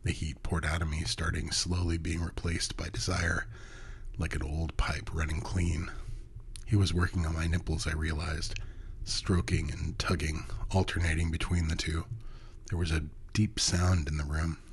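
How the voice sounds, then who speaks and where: A man narrating a first-person story in an intimate, hushed way, often dropping to a whisper. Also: extremely low pitch, level tone, normal speed, gravelly, slightly rough.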